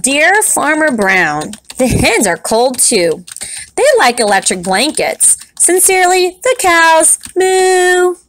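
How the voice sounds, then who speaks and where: A woman voicing a herd of cheeky female cows who type notes, reading them in a sing-song way with loud moo endings. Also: high-pitched, sing-song, slow, a little hiss or hum, pitched above the performer's own voice, exaggerated voice.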